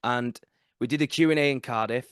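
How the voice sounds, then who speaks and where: A man with a South Welsh accent hosting a podcast, telling stories in an animated, excitable way. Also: medium pitch, a little fast, clean tone, no echo, studio quality. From South Wales. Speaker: podcast host. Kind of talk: casual podcast chat.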